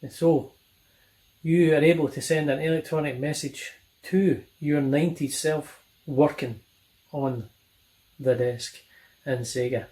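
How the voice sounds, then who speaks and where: Bloke asking a question, pretty flat monotone delivery. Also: male voice, a little high, a little slow, rough recording. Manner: friendly, chatty sign-off. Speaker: listener sending a question. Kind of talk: recorded listener question.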